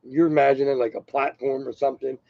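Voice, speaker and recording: A man's voice: mid-range voice, little pitch movement, fast, creaky, no room sound. An older man hosting his own channel, talking in a loose, rambling, self-deprecating monologue. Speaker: channel host. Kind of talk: casual unscripted monologue. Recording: dull lo-fi sound.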